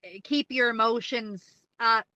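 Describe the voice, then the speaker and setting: A chatty woman with a North Dublin Irish accent, her voice bright and a little high, scattering "like" through every sentence. The sound is dry and slightly dull. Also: a little slow, no room sound. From Ireland. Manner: chatty, many "like"s, laughs often. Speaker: guest co-host. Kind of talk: casual podcast chat.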